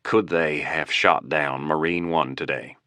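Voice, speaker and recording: A man's voice: low voice, moderate pace, sharp tone, no room sound, studio quality. Man doing a nervous, pleading president. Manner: pleading, hesitant. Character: nervous, frightened male president.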